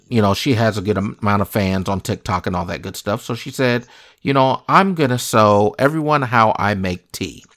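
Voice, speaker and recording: A man with a slightly low voice chats casually and jokingly. He plays it mock-serious and keeps tossing questions at his co-host. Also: fairly bright tone. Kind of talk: casual comedic chat.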